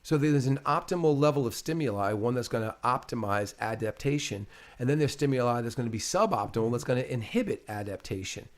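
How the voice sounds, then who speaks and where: A man as an interview guest, explaining ideas in an animated, emphatic way during a casual conversation. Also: mid-range voice, a little fast, few pauses.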